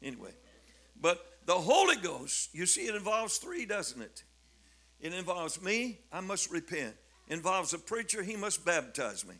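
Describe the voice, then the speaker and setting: Older male bishop, bright forceful voice, pitched a little high, preaching with fervent, repeated emphasis. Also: sing-song, measured pace. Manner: fervent, rising to emphatic declamation, with frequent repetitions. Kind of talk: sermon.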